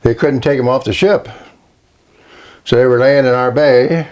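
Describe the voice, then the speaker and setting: Older kentucky guy, navy vet, plain talk, halting, stretches his words out. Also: medium pitch, a little mellow. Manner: plainspoken, halting, drawn-out storytelling. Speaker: Navy veteran interviewee. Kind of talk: oral history interview.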